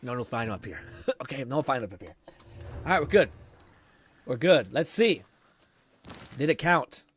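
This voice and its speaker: A hoarse man casually commenting on a game as he streams it, rambling, swearing freely and reading chat messages aloud. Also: mid-range voice, very animated, normal speed, pauses often, a bit bright.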